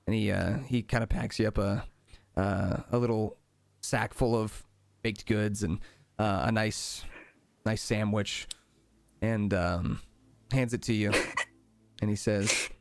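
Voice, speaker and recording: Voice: mid-range voice, steady tone, slow pace, creaky, pauses often, no echo. A game master narrating a tabletop game in a casual, filler-heavy way, close and dry.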